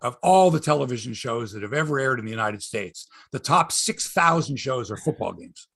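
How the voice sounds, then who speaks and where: A gravelly, husky man hosts a casual sports podcast. He rambles and jokes. His pitch swoops up and down with animated energy. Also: fairly quick.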